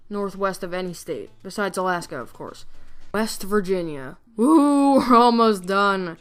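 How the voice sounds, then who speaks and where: A woman narrating facts in a casual, playful way, joking as she goes. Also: medium pitch. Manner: playful, jokey, chatty.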